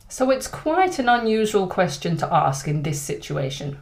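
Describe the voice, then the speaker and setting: Woman, British accent, online English lesson, lively intonation. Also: lowish voice, a little hiss or hum. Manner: clear, deliberate teaching delivery with exaggerated example intonation. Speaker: English teacher.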